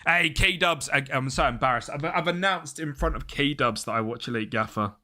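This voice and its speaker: A man's voice: on the high side, brisk. Chatty young man streaming. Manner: chatty, greets chat by name, excitable. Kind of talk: casual live-stream chat.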